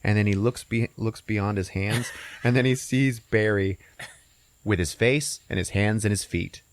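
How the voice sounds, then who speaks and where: A man hosting a podcast, retelling a movie in a casual, profane, animated way, laughing often. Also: on the low side, a little slow, no echo. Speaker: podcast host.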